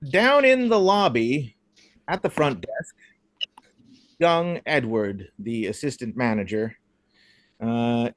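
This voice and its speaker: A man's voice: mid-range voice, no room sound. A man running a tabletop game as game master, narrating the scene with frequent fillers. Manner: lively narration with hesitant fillers.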